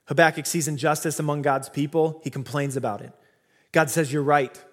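A male pastor giving a sermon, retelling scripture in an animated, casual way. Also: fairly high pitch, a little fast.

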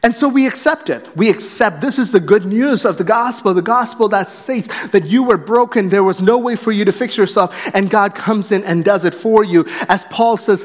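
High-voiced man preaching in a reverberant hall. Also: normal speed, hardly any pauses. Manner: earnest preaching with acted quotes and restarts. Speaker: pastor. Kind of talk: sermon. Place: church sanctuary.

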